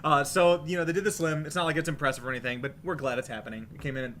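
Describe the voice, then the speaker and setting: A man's voice: on the high side, steady tone, very fast, fairly bright tone, slight background noise. A man co-hosting a casual gaming podcast, rambling and jokey with lots of fillers. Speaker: podcast co-host. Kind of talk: casual chat.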